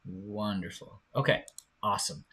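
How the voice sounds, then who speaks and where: A man with a lowish, pushed and bright voice and fairly even intonation teaches singing in a live online session. He encourages his students slowly, drawing out his words, and sings to show them how.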